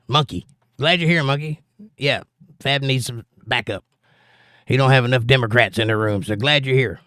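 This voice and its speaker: Man, livestream host, reads chat, argumentative, mid-pitched, dry close sound. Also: moderate pace, long pauses, fairly bright tone, no room sound.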